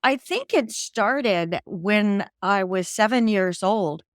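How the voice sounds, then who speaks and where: A woman's voice: medium pitch, lively intonation, slow, dry recording, clean studio sound. An older woman from the American South, telling her story as an interview guest over a video call. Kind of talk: casual interview talk.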